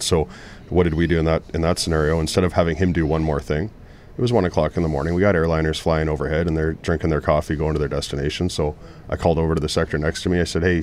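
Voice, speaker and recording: A middle-aged air traffic controller tells stories earnestly during a casual panel talk, restarting his sentences often. His voice is extremely low-pitched and a little mellow.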